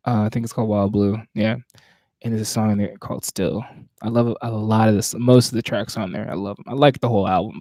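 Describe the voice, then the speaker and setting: A man's voice: on the low side, dark tone, no echo. A man from Virginia with a Southern accent, a spoken word poet chatting casually and reflectively between poems on a livestream, often restarting his sentences. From Virginia, USA. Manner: reflective, searching, speaks in broken restarts. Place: home, at night.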